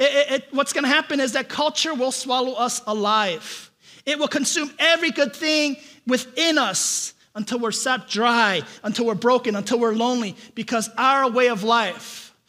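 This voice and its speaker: High bright-voiced male preacher. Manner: animated storytelling, repeats words when starting sentences. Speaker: pastor. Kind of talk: sermon.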